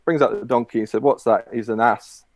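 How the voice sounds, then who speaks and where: A man's voice: medium pitch, steady tone, fairly quick, vocal fry, a little mellow, no room sound. Rambling man telling a long joke. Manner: rambling with many fillers and restarts. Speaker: guest.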